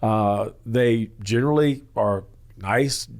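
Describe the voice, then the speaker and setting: A man's voice: lowish voice, slow pace, darkish tone. Rambling male counseling-show host. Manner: rambling, full of "uh" and "you know", acts out quoted voices. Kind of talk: teaching talk on a question-and-answer show.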